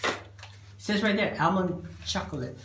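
A woman chats with her child while filming an unboxing, teasing her and scolding her a little. Her voice sits low but moves around a lot. The room sounds echoey, with steady noise behind her. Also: moderate pace, vocal fry. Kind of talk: casual family chat.

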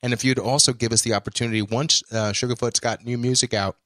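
A man's voice: medium pitch, fairly even intonation, quick pace, no echo, studio quality. A man hosting a podcast interview, effusive and full of praise, calling his guest brother. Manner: effusive, warm-hearted praise, says brother. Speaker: podcast host.

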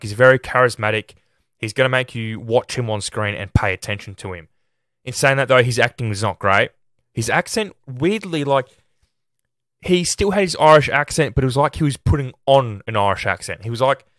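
A man's voice: on the low side, fairly bright tone, no room sound, studio quality. A man hosting a film podcast, chatting casually and giving his opinions on a movie. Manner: chatty and opinionated, often starts with "look". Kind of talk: casual film review monologue.

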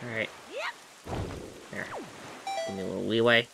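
A man's voice: lowish voice, fairly even intonation, moderate pace, creaky, pushed and bright, a little hiss or hum. A man giving casual let's-play commentary, chatty and rambling as he talks to himself while playing.

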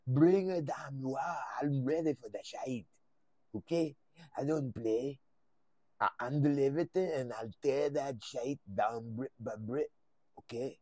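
A man puts on a ruthless crime boss who talks in slow, boastful threats. The delivery is unhurried and the sound is dry and close, with little room around it. It comes across as a playful live-stream impression. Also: medium pitch, a little mellow, no room sound, lightly acted. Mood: threatening.

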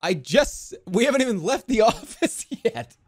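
Brief: male streamer, high and bouncy voice, excitable and swearing, casual game commentary. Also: normal speed. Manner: excitable, laughs often, swears.

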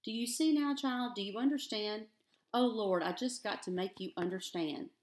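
A woman's voice: medium pitch, moderate pace, lightly acted. A woman voicing a weary, earnest rustic father who talks in plain country grammar. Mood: pleading.

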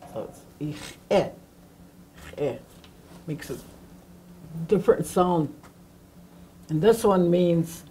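Low-voiced woman teaching slowly. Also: dark tone, slight background noise. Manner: patient, repeats sounds slowly to demonstrate. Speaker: language teacher. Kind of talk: classroom lesson.

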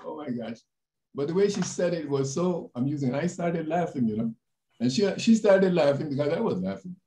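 Older man telling stories, mellow tone. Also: moderate pace, slight background noise. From Panama Canal Zone. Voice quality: animated, jumps in pitch when quoting others. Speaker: panelist. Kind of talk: personal storytelling. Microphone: video call. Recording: roomy echo.

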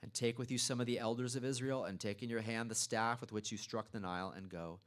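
A man's voice: medium pitch, fairly even intonation, fast, a bit bright. A man preaching a sermon as pastor, reading scripture aloud and then explaining it in a conversational way, with small asides. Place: church.

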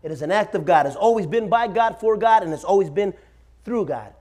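A man's voice: high-pitched, lively intonation, brisk, darkish tone. A man in his forties preaching a sermon in a church, telling stories with humor and calling out "Amen?" to his congregation. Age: 40s. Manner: storytelling with humor, calls out "Amen?" to the room. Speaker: pastor. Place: church sanctuary.

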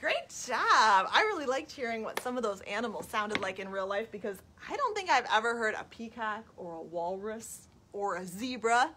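A woman's voice: fairly high pitch, sing-song, moderate pace, few pauses, background noise. A woman, a children's librarian, reading a picture book aloud at storytime in a sing-song voice and coaxing young listeners with questions. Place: library, recorded for a live video stream.

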